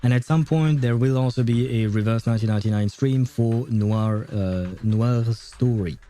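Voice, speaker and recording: A male streamer chatting casually over gameplay. His voice is very dark and mellow. He rambles, corrects himself mid-sentence and laughs often. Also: medium pitch, moderate pace, faint music behind.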